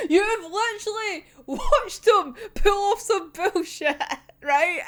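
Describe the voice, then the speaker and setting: A woman's voice: very high-pitched, expressive, slow. A young woman in a casual, profane reaction rant, exasperated and breaking into laughter. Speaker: manga reviewer.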